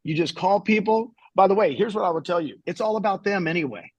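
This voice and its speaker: A man's voice: high-pitched, fast talker, dry recording. A middle-aged man on a webinar panel, a real estate agent, talking bluntly and repeating lines for emphasis.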